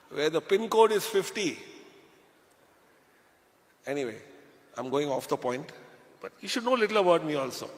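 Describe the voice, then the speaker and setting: A man's voice: fairly high pitch, big pitch swings, normal speed, pauses often. Joking Indian man on a hall stage. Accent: Indian English. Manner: chatty, jokey, addresses the crowd. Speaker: business speaker. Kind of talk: motivational stage talk. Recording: hall reverb.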